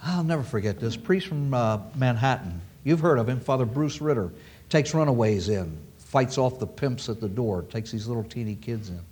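A man's voice: medium pitch, lively intonation, moderate pace, a little mellow, breathy edge. A man preaching a sermon to an audience, emphatic and repeating key phrases for weight.

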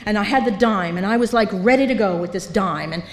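A woman's voice: medium pitch, a little fast. Older woman telling her story in an echoey hall. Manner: storytelling, acts out voices, self-mocking humor. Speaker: speaker sharing recovery story. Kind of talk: recovery meeting talk. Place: meeting hall. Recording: reverberant hall, faint background noise.

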